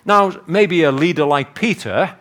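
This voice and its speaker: Animated Liverpudlian preacher, high voice. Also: male voice, a little slow. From northern England. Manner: animated, acts out voices, rises to emphatic peaks. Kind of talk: sermon.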